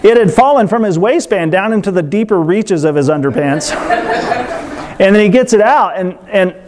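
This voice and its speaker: A man preaching a sermon in a lively, conversational way, acting out quotes with playful voices. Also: high voice, normal speed, background noise. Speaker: pastor.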